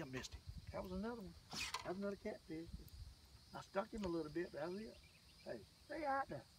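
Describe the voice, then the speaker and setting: Fishing from a boat on a lake, an older Southern man talks to his viewers in a folksy, wandering vlog style, his voice sitting high with background noise present. A distant mic captures him along with faint outdoor ambience.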